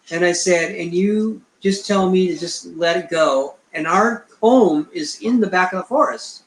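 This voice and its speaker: A middle-aged Bigfoot researcher, interviewed as a guest in an echoey room, tells a rambling story and acts out the dialogue he quotes. His voice sits high, and he speaks at a moderate pace with hardly any pauses.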